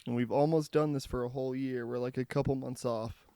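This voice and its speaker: A man with a gravelly, fry-laden voice chats about films on a casual podcast. He rambles, stops and restarts his sentences as he goes. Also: mid-range voice, fairly even intonation, dark tone. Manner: rambling, halting, many restarts. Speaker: podcast co-host. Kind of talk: casual movie review chat.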